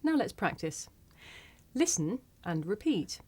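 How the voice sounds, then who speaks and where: A woman teaching English pronunciation, saying single words slowly and carefully for learners to repeat. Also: mid-range voice, very animated, warm tone. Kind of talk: slow scripted pronunciation lesson.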